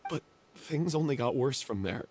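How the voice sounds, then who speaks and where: A man's voice: mid-range voice, animated, moderate pace, a little mellow, slightly rough. A man voicing a remorseful young theater troupe member in a game cutscene, confessing with guilt and self-reproach. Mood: regretful.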